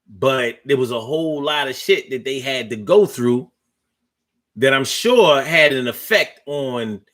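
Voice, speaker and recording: A man hosting a casual, profane storytelling monologue in loose conversational talk, with pauses as he searches for words. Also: mid-range voice, fairly bright tone.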